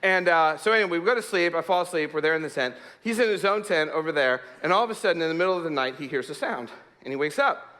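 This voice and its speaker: A man telling a humorous personal story to an audience, laughing often and dropping to a hush for suspense. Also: on the high side, lively intonation, fast talker. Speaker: speaker.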